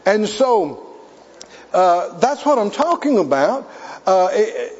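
A man preaching a sermon, telling a story and growing emphatic, close to shouting at times. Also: sits high, big pitch swings, takes it slowly, slightly rough. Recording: dull, reverberant hall.

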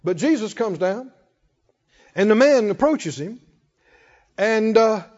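In a church hall with muffled reverb, a man preaches a sermon in a folksy manner, calling out to the congregation. His voice is high-pitched, animated, slow, and a little mellow.

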